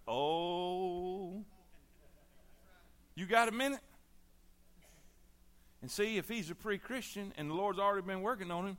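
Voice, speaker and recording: High, bright-voiced preacher. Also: male voice, unhurried, long pauses, smooth. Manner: emphatic preaching, swings between loud exhortation and hushed intensity. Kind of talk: sermon.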